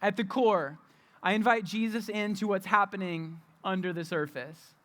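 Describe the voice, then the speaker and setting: A man's voice: high-pitched, normal speed, fairly bright tone. A young adult man preaching a candid, conversational sermon as a youth pastor, often repeating and restarting his phrases.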